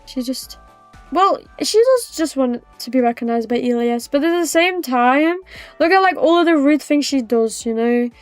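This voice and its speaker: British girl streamer yapping at chat, high voice, dry close mic. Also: expressive, no echo, soft background music. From Britain. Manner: chatty, rambling, teasing, quick to laugh. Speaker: livestreamer. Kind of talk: casual chat with live viewers.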